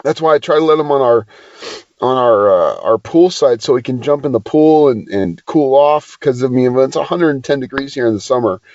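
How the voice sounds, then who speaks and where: A man's voice: mid-range voice, animated, brisk, darkish tone, no echo. A man from Southern California co-hosting a podcast, chatting casually and laughing often. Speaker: podcast co-host. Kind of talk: casual chat. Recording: dry, dull lo-fi podcast audio.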